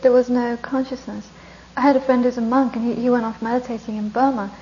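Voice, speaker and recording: Mellow-voiced woman giving a dharma talk. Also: fairly high pitch, little pitch movement, fast, highs cut off, slight background noise. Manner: conversational, laughs often, asks rhetorical questions. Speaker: Buddhist meditation teacher.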